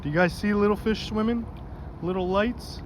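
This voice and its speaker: This is casual vlog talk from a man fishing outdoors by a river, who speaks to his viewers like friends and calls them "boys." His voice sits high, his speed is normal, and the background is noisy.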